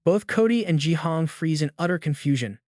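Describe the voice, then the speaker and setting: A man narrating a scripted story recap in a steady, dramatic storytelling delivery. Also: fairly high pitch, brisk, no room sound, clean studio sound.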